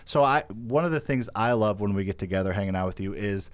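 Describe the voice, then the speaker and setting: A man's voice: on the low side, quick pace. A man co-hosting a podcast in casual chat, rambling and cutting himself off mid-sentence. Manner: rambling, self-interrupting. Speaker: podcast co-host.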